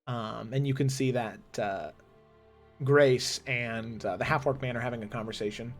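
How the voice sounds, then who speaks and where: A man's voice: mid-range voice, steady tone, normal speed, soft background music. Casual male game master narrating. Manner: casual, with many fillers and restarts.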